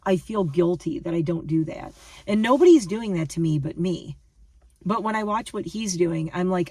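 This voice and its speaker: A woman's voice: lowish voice, expressive, moderate pace, a little mellow, husky, no room sound, recorded from a distance. A woman rambling through a casual vlog monologue, chatty and self-deprecating. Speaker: vlogger.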